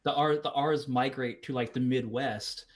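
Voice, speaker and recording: A man's voice: mid-range voice, fairly even intonation, normal speed. A man co-hosting a podcast in casual chat, chiming in with short, dry remarks. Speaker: podcast co-host.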